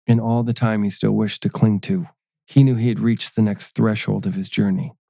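A man narrating a scripted short story in a measured storytelling manner. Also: lowish voice, flat delivery, gravelly, dark tone, dry recording, studio quality.

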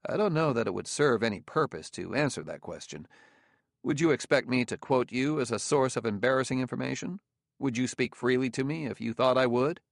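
A man reading an audiobook, voicing a dour middle-aged detective who questions calmly and patiently. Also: medium pitch, a little fast, gravelly, dry recording, clean studio sound, natural voice.

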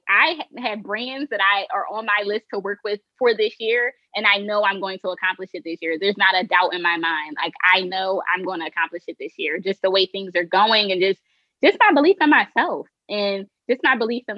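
A woman's voice: mid-range voice, brisk, no echo, dull audio. A woman guest on a casual podcast, upbeat and emphatic, saying "like" and "okay" a lot.

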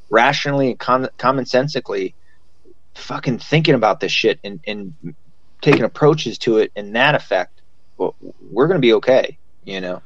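A man's voice: medium pitch, no echo, lo-fi sound. A man hosting a podcast in casual chat, rambling with lots of fillers and swearing freely. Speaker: podcast host.

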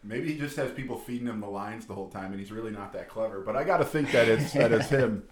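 A low-voiced man co-hosting a podcast in casual chat. He talks in a measured, easygoing way. His voice rings in an echoey room. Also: crowd noise. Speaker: podcast co-host.

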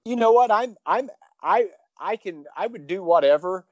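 A man, a professional wrestler, telling a story in an interview, rambling excitedly with many restarts. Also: high-pitched, moderate pace, no room sound, muffled recording.

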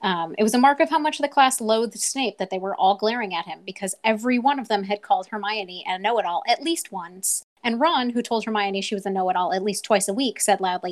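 A woman co-hosting a casual book discussion podcast, chatting and reading short passages aloud. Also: mid-range voice. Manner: chatty, reads passages aloud with quick asides. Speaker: podcast co-host.

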